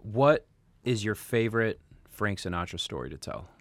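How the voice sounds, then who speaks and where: A man's voice: fairly low pitch, lively intonation, moderate pace, no echo. A man hosting a casual interview, putting short encouraging prompts and questions to his guest. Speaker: podcast host.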